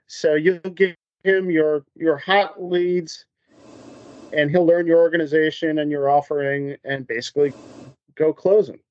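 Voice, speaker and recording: A man chats as a guest on a business podcast, and his voice sits a touch high for a man. He tells stories in a lively way and acts out the lines of the people in them. The sound is dry, with a slightly dull lo-fi quality. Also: measured pace, no room sound. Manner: animated storyteller, acts out quotes. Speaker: podcast guest, MSP consultant. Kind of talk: conversational interview storytelling.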